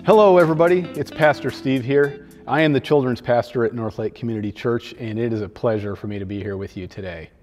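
A man, a children's pastor, preaching a sermon in a conversational, gently humorous way. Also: mid-range voice, fast, few pauses, long reverb tail, soft background music.

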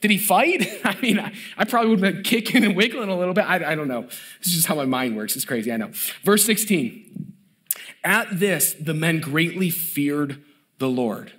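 In a church, a middle-aged pastor delivers a sermon in a high, quick voice. He plays the story's characters with lively energy, then drops to a soft hush whenever he dwells on mercy.

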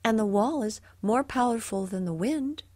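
A woman voicing a calm, practical mother mouse in a storybook. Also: on the high side, normal speed, no echo, pitched above the performer's own voice.

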